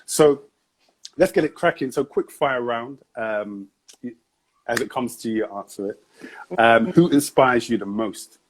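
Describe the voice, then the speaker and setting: A man's voice: medium pitch, a little slow. A man hosting a live-streamed interview show, talking in an upbeat, chatty way with slang. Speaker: host.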